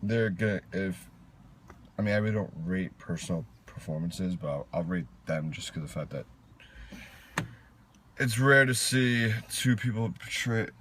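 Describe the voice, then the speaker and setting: Deep-voiced opinionated man chatting films. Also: expressive, a little slow, a bit bright. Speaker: co-host reviewing films. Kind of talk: casual chat. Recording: faint background noise.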